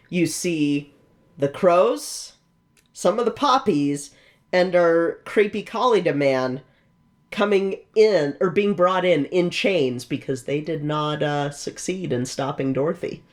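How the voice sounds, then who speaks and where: Slow, easygoing podcast co-host. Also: medium pitch. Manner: unhurried, enthusiastic, with fillers. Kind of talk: casual chat about a film.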